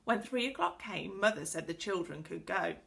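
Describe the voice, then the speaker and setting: Teacher reading a kids book out loud, bright and bouncy, talks to the class. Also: female voice, fairly low pitch, normal speed, creaky. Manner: expressive, lively storytelling; speaks directly to pupils. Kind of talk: reading a children's book aloud.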